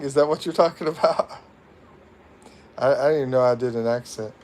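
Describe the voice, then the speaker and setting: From his home in the Philippines, an American-accented man hosts a casual livestream, rambling, reading viewer comments and laughing at himself often. His mid-range voice is a little mellow, with lively intonation and a brisk pace, and there's a little hiss or hum.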